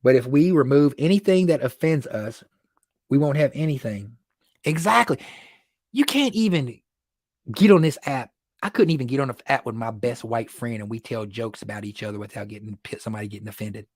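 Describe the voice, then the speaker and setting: On his weekly studio livestream, streamed via phone or computer, a host chats casually, joking and laughing often. His medium-pitched, darkish voice moves a little fast, and there's no room sound.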